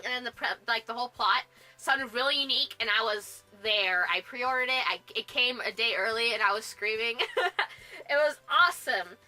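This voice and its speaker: A woman with a high, very bright voice chats about her favorite books in a casual vlog. She gushes with bubbly enthusiasm and laughs often between thoughts. Faint music plays behind her. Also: rough recording. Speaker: book vlogger. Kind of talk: casual book review vlog.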